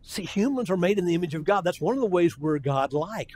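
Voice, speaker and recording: A man's voice: high-pitched, expressive, fairly quick, a little mellow. An older man preaching a sermon in a folksy, conversational way, often restarting his sentences.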